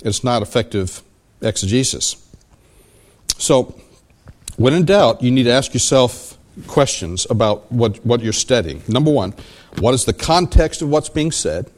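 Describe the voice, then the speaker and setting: Preacher, male, mid-pitched, teaching sermon, repeats questions, checks in with listeners. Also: expressive, measured pace. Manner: asks the congregation for assent. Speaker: pastor.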